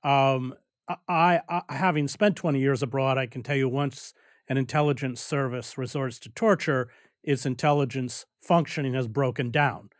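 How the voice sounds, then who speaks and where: A man hosting an interview, putting measured questions to his guest. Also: medium pitch, fairly even intonation, dry recording, studio quality. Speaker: host.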